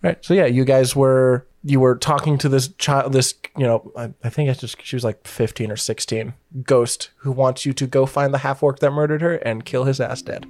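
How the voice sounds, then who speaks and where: A tabletop game master with a medium-pitched voice, recapping events in loose, offhand narration. They ramble, restart sentences, and fix small slips as they go. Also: steady tone, moderate pace, hardly any pauses, a little mellow, dry recording. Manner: rambling, self-correcting, casual.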